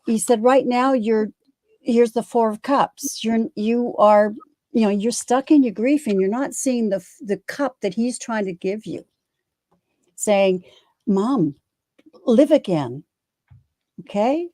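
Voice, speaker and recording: A woman tarot reader going through a card spread, speaking gently and comfortingly with halting restarts. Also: a little high, no room sound.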